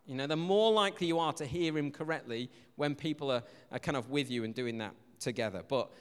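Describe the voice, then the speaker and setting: A young man preaching a casual, jokey sermon in a church, telling stories in a lively, animated way. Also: mid-range voice, fairly quick, smooth. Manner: chatty, jokey, animated storytelling with shouted asides. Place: church hall. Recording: long hall reverb.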